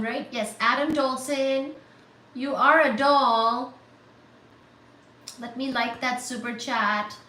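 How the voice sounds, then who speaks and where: A woman hosting a casual livestream chat, gushing and excitable as she thanks viewers by name for donations. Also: high-pitched. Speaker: livestream host. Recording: echoey room, mic at a distance, faint static.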